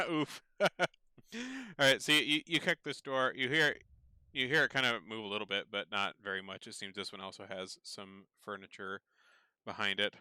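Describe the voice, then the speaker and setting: A man narrating a tabletop game as game master, relaxed and full of fillers. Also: fairly low pitch, moderate pace, clean tone, dry recording.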